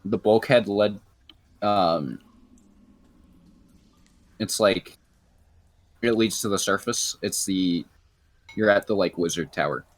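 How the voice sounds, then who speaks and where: A young man narrating as game master of a tabletop game, halting with many fillers. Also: fairly low pitch, dry recording.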